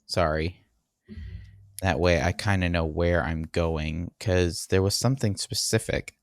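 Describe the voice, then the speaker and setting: Male podcast host, low voice, easygoing. Dry, close mic. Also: fairly even intonation, measured pace, dry recording. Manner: laid-back, leads segments and thanks patrons. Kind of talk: casual chat.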